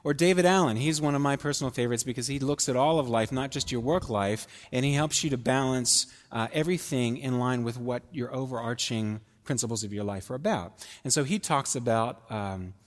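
A pastor preaching in an easy, conversational way, with a voice of ordinary middle pitch. He puts questions to the congregation and plays out little dialogues. A long hall reverb trails after his words. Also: fairly quick, few pauses. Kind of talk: sermon.

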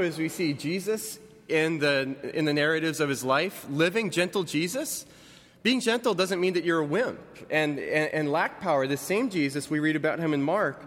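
A man in his thirties, a pastor giving a sermon in a church, talking conversationally, lightly joking and often correcting himself. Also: on the high side. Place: church sanctuary. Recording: reverberant church hall.

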